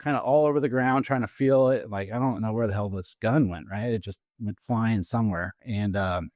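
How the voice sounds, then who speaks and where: A middle-aged man, an Army veteran, telling his own story as a podcast guest, in a halting way with many fillers and restarts. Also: lowish voice, a little mellow, no echo, clean studio sound. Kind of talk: personal story told in an interview. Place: podcast studio.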